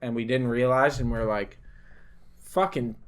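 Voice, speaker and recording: A man's voice: medium pitch, fairly even intonation, unhurried, clear, resonant tone. A young man co-hosting a podcast, telling drinking stories in a rambling, profane, casual way. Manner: rambling, profane storytelling that grows loud and laughing. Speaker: podcast co-host. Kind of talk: casual chat.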